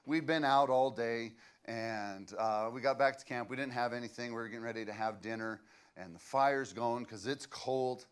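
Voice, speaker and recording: A man's voice: medium pitch, normal speed, clear, resonant tone. A man, preaching a sermon as a pastor and telling stories in a loose, conversational way with fillers.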